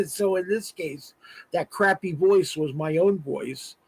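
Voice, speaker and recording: Over a remote live stream call, a husky-voiced man with a high-sitting voice chats as a guest at a measured pace. He's an artist and voice actor in a casual interview, chatty and full of "uh" fillers and restarts, and the audio quality is poor.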